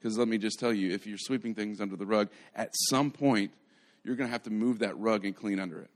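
A man's voice: lowish voice, fairly even intonation, fairly quick. A man preaching a sermon in a conversational way, retelling stories animatedly and often restarting his phrases. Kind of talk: live sermon.

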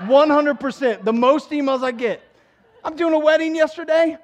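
A man with a strikingly high voice preaches a sermon as pastor, animated and joking. He swings from quiet asides to loud exhortation. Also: moderate pace, a little hiss or hum.

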